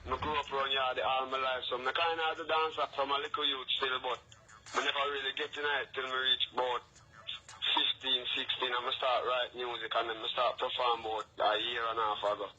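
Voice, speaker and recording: A man's voice: mid-range voice, level tone, a little fast, bright, forceful tone, dull audio, slight background noise. A young man speaking in a thick Jamaican patois accent, chatting casually as a phone-in guest on a radio show, laid-back and full of "you know, man". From England. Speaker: phone-in guest, dancehall artist.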